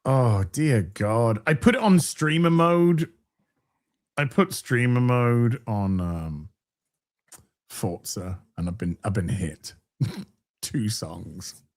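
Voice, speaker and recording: Slow, lively-pitched rambling man. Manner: rambling, restarts, chuckling. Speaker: podcast host. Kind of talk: casual chat.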